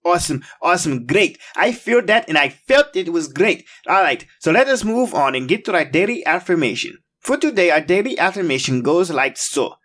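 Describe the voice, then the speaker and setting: A man with a high voice hosts a children's show and swings his pitch up and down. He leads the viewers through call-and-response in a slow, emphatic, coaxing way. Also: very animated, fairly bright tone. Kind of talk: upbeat kids' show hosting.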